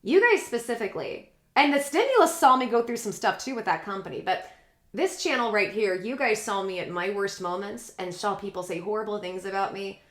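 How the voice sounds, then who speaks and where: A woman's voice: medium pitch, brisk. A woman talking to her audience in a casual, rambling vlog. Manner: chatty, rambling, animated. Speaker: vlogger. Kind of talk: casual vlog talk to camera. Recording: echoey room.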